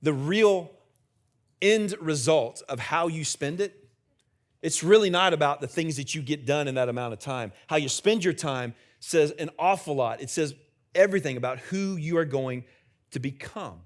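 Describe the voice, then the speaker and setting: A man's voice: on the high side, moderate pace. Conversational man preaching a sermon. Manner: conversational, jokes with the congregation. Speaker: senior pastor. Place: church sanctuary with live congregation.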